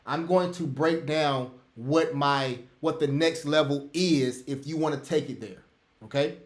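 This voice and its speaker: Running an online trading class on a live webinar, this man speaks in a slightly high, unhurried voice with a roomy sound. He is emphatic and repetitive, calling out to everybody, ranting loudly and then dropping into soft asides. He comes through a computer mic on a video call.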